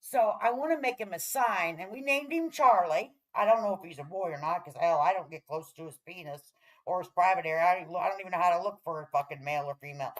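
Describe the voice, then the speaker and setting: A woman's voice: lowish voice, quick pace, low-quality recording. Profane, rambling middle-aged woman vlogger. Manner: talks to viewers with repeated "all right?" check-ins. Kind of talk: casual rant to camera.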